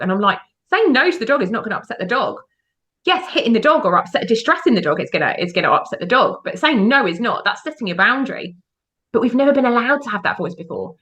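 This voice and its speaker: Woman, bright and lively voice, fairly high, emphatic podcast talk, mimics quoted voices. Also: a little fast. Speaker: mindset coach guest. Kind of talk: podcast conversation.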